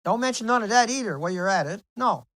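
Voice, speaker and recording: A man's voice: high-pitched, lively intonation, fast, fairly bright tone, dry recording, rough recording. A man ranting to camera in an angry vlog, heated and profane, repeating himself. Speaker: video blogger.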